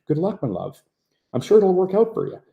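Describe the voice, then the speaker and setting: A woman's voice: lowish voice, very animated, fairly quick, creaky, echoey room, muffled recording, pitched above the performer's own voice. A man voicing a friendly, motherly telephone operator woman with a Newfoundland accent and sing-song, chatty dialect. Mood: warm chatty.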